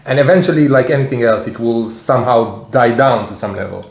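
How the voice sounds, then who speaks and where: A man co-hosting an eating vlog, giving firm opinions in casual chat while often pausing and restarting. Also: medium pitch, creaky. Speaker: co-host, husband. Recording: roomy echo.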